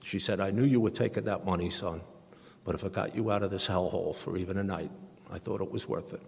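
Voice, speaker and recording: A man's voice: low-pitched, fast, gravelly, darkish tone, long reverb tail, slight background noise. A middle-aged man with a New York accent, telling his recovery story in an earnest, humorous way at a meeting. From Staten Island, New York. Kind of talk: personal recovery talk. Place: meeting hall.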